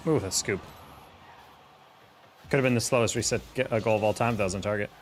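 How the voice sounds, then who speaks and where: A young American man with a lowish voice talks quickly over a faint hiss or hum. He's a streamer and game analyst, chatting casually as he plays, reacting out loud to plays and answering viewers in a relaxed way.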